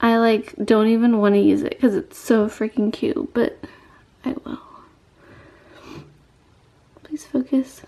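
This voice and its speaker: A young woman hosting a beauty unboxing vlog, gushing and squealing with excitement. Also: on the high side, slow pace, pauses often. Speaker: beauty vlogger. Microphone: camera mic.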